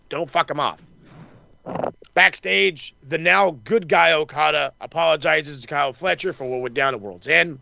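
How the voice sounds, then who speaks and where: Gravelly, bright-voiced profane man. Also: on the high side, no echo, muffled recording. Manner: profane, excitable, acts out quotes. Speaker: wrestling podcast host. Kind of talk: casual recap chat.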